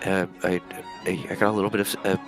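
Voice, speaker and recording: A man voicing a nervous, flustered woman in a tabletop game, stammering and halting as he talks. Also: deep voice, flat delivery, music in the background, lightly acted.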